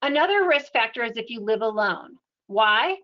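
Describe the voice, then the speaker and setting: Higher-voiced woman presenting a webinar. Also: moderate pace, muffled recording. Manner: explanatory, steady and conversational. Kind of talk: educational webinar talk.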